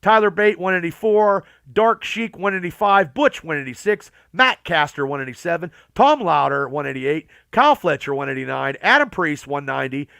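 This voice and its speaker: A man's voice: on the high side, expressive, moderate pace, gravelly, hardly any pauses, pushed and bright, clean tone, dry recording. A male podcast host reading through a wrestling ranking list, stopping now and then for blunt, profane asides.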